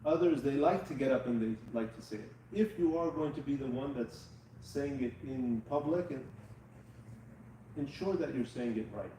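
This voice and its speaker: A man's voice: mid-range voice, moderate pace, mellow, slight background noise. A man teaching a live class, patiently checking that students follow. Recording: echoey room, mic far off.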